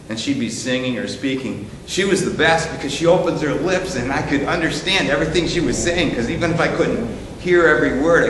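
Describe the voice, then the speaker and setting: A man's voice: medium pitch, fairly bright tone, a little hiss or hum. A man leads a live seminar for a ministry team, chatting and telling stories with lots of fillers and restarts. His voice sits in a middle register. The recording is heavy with room echo and reverb, as if captured in a big hall. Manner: folksy, storytelling, many fillers and restarts.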